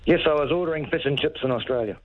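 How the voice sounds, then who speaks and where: Deadpan New Zealand man on a phone line. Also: on the high side, rapid-fire, no echo. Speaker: caller. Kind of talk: phone-in anecdote. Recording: tinny phone line, faint hiss.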